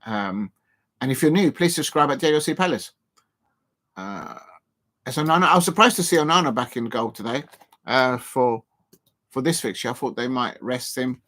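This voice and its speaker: A man hosting a casual football live stream, rambling with frequent pauses and restarts as he chats to his viewers. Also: medium pitch, expressive, fairly bright tone. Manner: rambling, many ums and restarts, chatty asides to viewers. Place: home, seated at a table.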